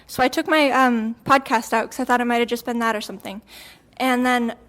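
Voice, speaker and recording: Her voice is a little high and a bit bright, with a steady tone and a fairly quick pace. This teen girl from a youth radio team chats her way through a spooky tale, laughing frequently and leaning on plenty of fillers in a casual storytelling style.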